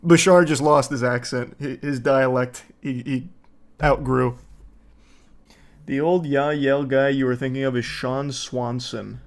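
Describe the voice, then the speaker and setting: A man's voice: mid-range voice, fairly even intonation, measured pace, slight background noise. A man doing casual reaction commentary in sarcastic, profane, mocking banter. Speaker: commentary host.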